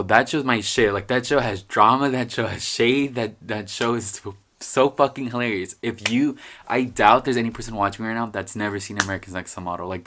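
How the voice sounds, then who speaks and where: Profane young man venting casually. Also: mid-range voice. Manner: profane, filler-heavy, swings to loud outbursts. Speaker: vlogger. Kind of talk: casual vlog rant.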